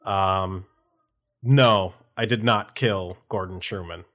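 A man's voice: low voice, fairly even intonation, slow, fairly bright tone. A man playing a tabletop role-playing game, talking casually and laying out his plan. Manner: casual, explaining rules. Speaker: player.

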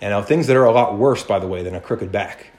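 A male pastor preaching a sermon in an animated, conversational way, often restarting and acting out quotes. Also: fairly low pitch, fast talker.

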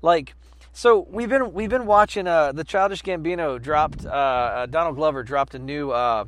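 Bright-voiced man in casual podcast chat. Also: a little high, moderate pace. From United States. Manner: rambling, many fillers, bursts into shouted impressions. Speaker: podcast co-host.

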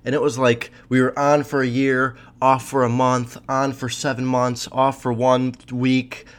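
Young guy in his 20s riffing solo on his podcast, swears a ton, rambles, mid pitched voice. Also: level tone, measured pace. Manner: rambling and profane, full of fillers and restarts. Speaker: podcast host. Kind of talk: casual solo Q&A chat.

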